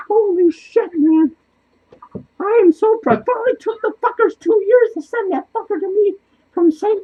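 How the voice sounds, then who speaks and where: A man playing a lonely, foul-mouthed male clown who rambles excitedly, swears constantly and loses his train of thought, in a comedic monologue. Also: lo-fi sound. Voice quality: squeaky, swears constantly, laughs wildly. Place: small cluttered home studio indoors.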